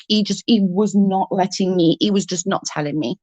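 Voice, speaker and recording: A woman's voice: medium pitch, brisk, few pauses, a little mellow, dry recording. A woman in her thirties telling a story on her vlog in a casual, heated way, swearing freely and acting out what was said. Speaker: vlogger.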